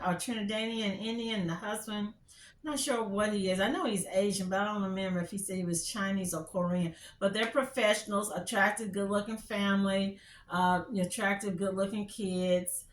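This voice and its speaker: A woman's voice: mid-range voice, fairly bright tone. A woman hosting a casual commentary vlog, chatty and gossipy, rambling with lots of fillers. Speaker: YouTube channel host. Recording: echoey room with faint music.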